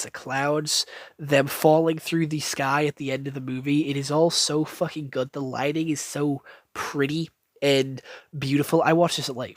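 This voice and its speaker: A man's voice: mid-range voice, no echo, studio quality. A man giving a casual, rambling anime review, gushing and swearing freely with lots of restarts. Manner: gushing, profane, rambling with many likes and restarts.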